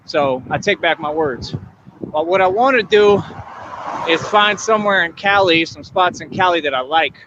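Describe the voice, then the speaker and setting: A man's voice: high voice, moderate pace. A man livestreaming outdoors, talking in a boastful, rambling way to his chat. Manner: swaggering, rambling. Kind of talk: boastful live-stream chat. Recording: lo-fi stream audio with street noise.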